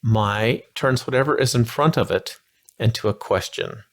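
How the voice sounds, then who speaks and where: A man's voice: mid-range voice, brisk, gravelly. A man giving a casual, playful video language lesson with a breezy, slangy manner. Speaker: language teacher.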